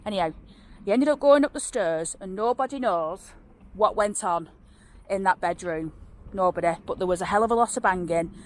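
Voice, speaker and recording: Out by a roadside, a Northern English woman shares local ghost stories in an informal, rambling way, stopping and restarting and filling pauses. She speaks at a normal pace in a medium-pitched voice.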